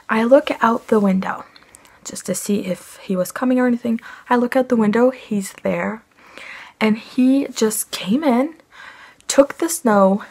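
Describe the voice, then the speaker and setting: A woman's voice: medium pitch, a little mellow, breathy edge. A young woman from Quebec telling an annoyed storytime vlog, rambling with many fillers. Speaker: family vlogger.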